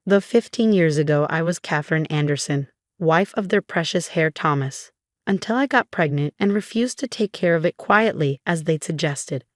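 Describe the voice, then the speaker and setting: Low-voiced woman narrating a revenge story. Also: no room sound, studio quality. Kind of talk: scripted first-person story narration.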